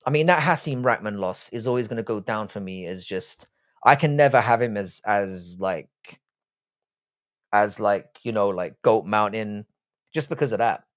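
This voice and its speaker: A man's voice: fairly low pitch, moderate pace. A British man hosting a live stream, chatting casually and reading out viewer comments. He rambles and swears freely, often restarting his sentences. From Britain. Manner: rambling, frank and profane, many restarts.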